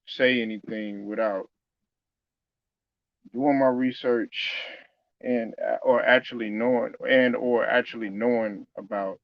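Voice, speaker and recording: A man's voice: fairly low pitch, gravelly, no room sound, dull audio. A man talking casually about basketball, loose and conversational, with many fillers and restarts. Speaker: sports commentator. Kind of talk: casual basketball opinion talk.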